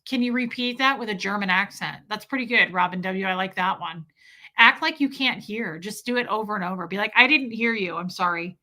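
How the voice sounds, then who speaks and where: Bright-voiced woman chatting with her live chat. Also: medium pitch, brisk. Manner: chatty, laughing, reads viewer comments aloud. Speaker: livestream host reading chat. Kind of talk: casual live-stream chat.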